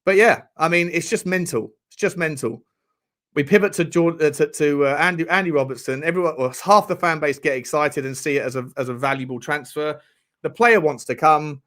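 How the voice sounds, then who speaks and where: A man's voice: fairly high pitch, fairly quick, a bit bright. A man hosting a fan live stream, rambling and joking with his chat. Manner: rambling, jokey, banters with chat. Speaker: fan channel host.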